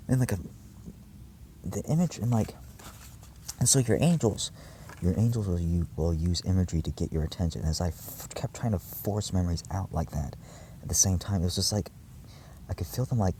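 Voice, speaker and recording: A low-pitched man talks straight to his viewers in a long, wandering monologue. His delivery is intense and profane, full of fillers and restarts. A faint hiss sits under the recording. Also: a little fast, mellow. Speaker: vlogger addressing his viewers. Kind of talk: rambling spiritual monologue.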